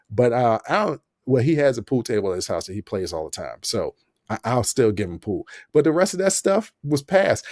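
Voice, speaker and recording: A man's voice: medium pitch, no room sound. Laughing man telling stories, dry sound. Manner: animated, laughs often while telling stories. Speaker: podcast host. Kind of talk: casual storytelling monologue.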